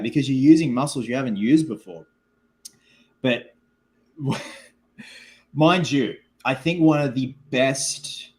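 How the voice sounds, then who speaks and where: An Australian man hosting a live stream, chatting loosely with viewers and reading out their comments, full of "like" and "man". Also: mid-range voice. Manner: filler-heavy, keeps saying like and man. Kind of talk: casual live stream chat.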